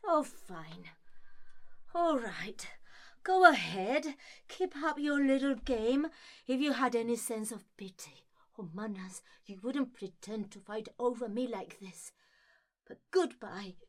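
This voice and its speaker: A woman's voice: fairly high pitch, animated, takes it slowly. A woman playing Helena, a hurt young woman who speaks reproachfully and sarcastically, in an amateur stage-play reading.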